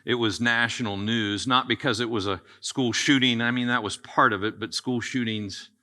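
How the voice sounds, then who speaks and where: Middle-aged guy pastor giving a sermon, super bright tone, talks casual and lively like he's chatting with friends. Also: medium pitch, normal speed. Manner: conversational, animated, addresses listeners as guys.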